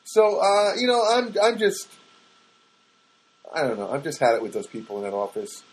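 A man's voice: a little high, very animated, normal speed, rough recording. Rambling, exasperated male podcaster. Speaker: solo podcaster. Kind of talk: casual monologue. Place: small studio apartment, alone.

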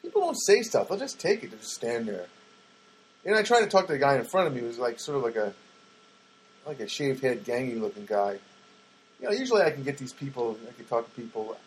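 A man's voice: mid-range voice, very animated, fast, slight background noise, rough recording. A man telling a long wry anecdote to his listeners, chatty and full of asides and fillers. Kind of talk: rambling anecdotal storytelling.

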